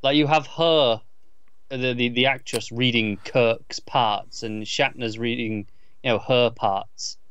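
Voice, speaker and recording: A man's voice: medium pitch, steady tone, slow, a bit bright, clean tone, no room sound. A man co-hosting a casual podcast, emphatically arguing his complaints about an episode, often stammering as he restarts. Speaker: podcast co-host. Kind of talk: casual chat reviewing a TV episode.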